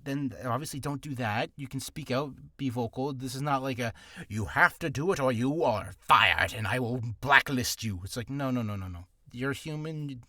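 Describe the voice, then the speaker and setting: A man's voice: medium pitch, fairly bright tone, no room sound. Guy rambling thru voice care tips, jokey, keeps correcting himself, throat a bit ticklish, dry close mic. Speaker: voice actor giving advice. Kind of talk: casual spoken video lesson.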